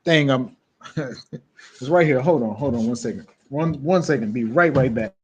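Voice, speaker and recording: A man hosting a casual commentary show, animated and reading out viewer comments as he talks. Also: medium pitch, normal speed. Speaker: show host.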